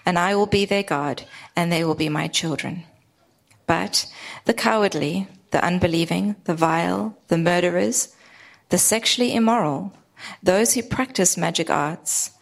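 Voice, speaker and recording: A woman reading a passage of scripture aloud in a measured, formal way. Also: fairly low pitch. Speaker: scripture reader.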